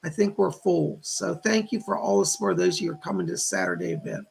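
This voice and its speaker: A man's voice: high voice, quick pace, gravelly, a little mellow, slight background noise. A man hosting a casual livestream as a psychic, chatting to viewers and greeting names from the chat.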